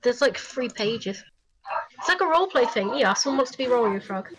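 Excitable young woman gaming with friends. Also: a little high, crowd noise, rough recording. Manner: excitable, quick to point things out. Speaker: co-player on stream.

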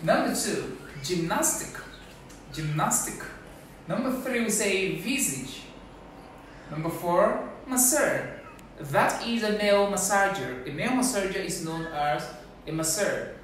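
A man teaching a diction class, slowly repeating words to show how they are said. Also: high voice, a little hiss or hum. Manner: slow, deliberate, repeats each word. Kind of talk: pronunciation lesson. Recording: very echoey room from a distance.

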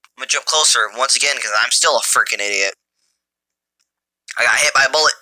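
A man giving mobile gameplay commentary through a phone's built-in mic, excitable and jokey, taunting his enemies. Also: mid-range voice, fairly quick, no room sound. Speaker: gamer.

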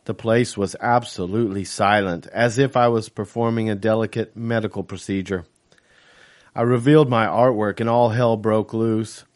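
A man reading his own novel aloud as first-person audiobook narration, in a steady, measured way. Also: fairly low pitch.

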